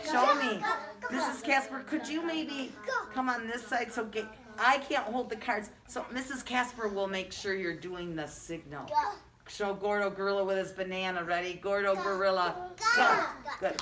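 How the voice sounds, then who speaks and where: A woman's voice: medium pitch, normal speed, crowd noise. A woman teaching a phonics lesson to preschool children in a classroom, talking through a face mask and coaxing the class with questions in a sing-song way. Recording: loud noisy classroom recording.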